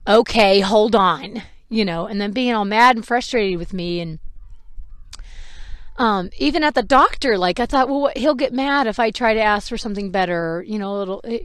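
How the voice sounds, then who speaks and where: A woman in her thirties tells a personal story to a podcast audience with candid, self-reflective openness. Her voice is medium in pitch, and she slips into the voices of the people she quotes. The recording is dry and close, with no room echo. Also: brisk, fairly bright tone, clean tone. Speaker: podcast host.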